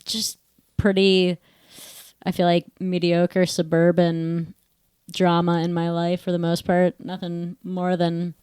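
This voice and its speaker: A woman from the Buffalo area with a Buffalo accent, co-hosting a podcast in casual chat, with a nasal voice and a flat, lifeless tone. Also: on the low side, takes it slowly, smooth, no echo. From Buffalo area, New York. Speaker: podcast co-host.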